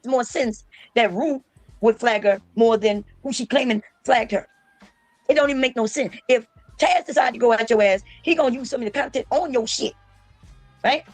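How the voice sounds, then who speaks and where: A woman streamer giving loud, mocking commentary, laughing often and mimicking the people she talks about. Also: a little high, moderate pace, dry recording, faint music behind. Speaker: streamer reacting to a panel. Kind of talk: casual livestream commentary.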